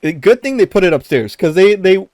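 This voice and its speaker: Podcast co-host, male, somewhat high voice, lively storyteller who swears and laughs, dry close mic. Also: a little fast, no echo. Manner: animated, swears a lot, laughs while telling. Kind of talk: casual storytelling chat.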